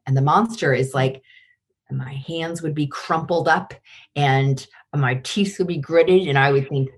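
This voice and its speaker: Animated, lower-voiced woman guest. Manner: animated, acts out examples. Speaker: guest, parenting expert. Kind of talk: podcast conversation.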